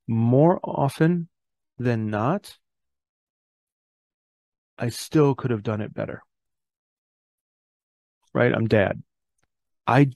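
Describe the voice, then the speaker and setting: Podcast host, middle-aged man, gravelly, earnest reflective talk, dry close sound. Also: medium pitch, darkish tone, no echo. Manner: earnest, reads scripture aloud, self-correcting.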